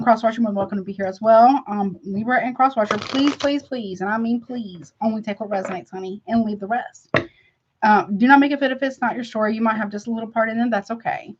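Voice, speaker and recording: Woman tarot reader, casual livestream chat, fairly high voice, affectionate and frank, calls everyone honey, rambling asides, dull lo-fi sound. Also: a little mellow, slight background noise. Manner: chatty, affectionate, calls viewers honey and baby.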